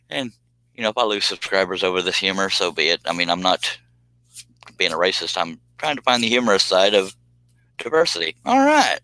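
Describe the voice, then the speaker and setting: A man's voice: fairly low pitch, pushed and bright, dry recording. A man hosting a live stream, rambling and joking in casual chat as he reads viewer comments aloud.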